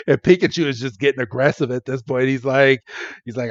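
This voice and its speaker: A man co-hosting a podcast, recapping a cartoon episode with lots of laughter and excited, yelled character quotes. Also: mid-range voice, normal speed, no echo, highs cut off. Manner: animated, laughs often, jumps into excited character voices. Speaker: podcast co-host. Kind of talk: casual episode recap chat.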